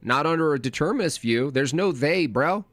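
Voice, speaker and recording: A man's voice: on the high side, expressive, moderate pace, a bit bright, dry recording. A man hosting a live reaction stream, arguing combatively and mocking his opponents, sometimes mimicking them in silly voices.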